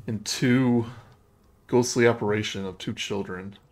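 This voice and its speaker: A man narrating a horror tabletop game as game master, with descriptive, unhurried narration. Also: on the low side, fairly even intonation, a little mellow.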